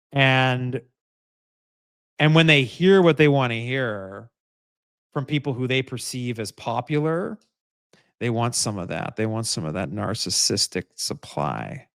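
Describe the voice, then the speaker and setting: A man's voice: mid-range voice, gravelly, fairly bright tone, no room sound, studio quality. A man hosting a live political commentary stream, talking in a rambling way with many restarts and emphatic repeated phrases. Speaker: host.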